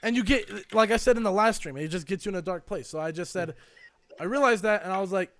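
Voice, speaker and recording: A man's voice: sits high, fast talker, fairly bright tone. A young man co-hosting a podcast, talking in a rambling, reflective way with lots of fillers. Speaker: podcast co-host. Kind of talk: casual chat.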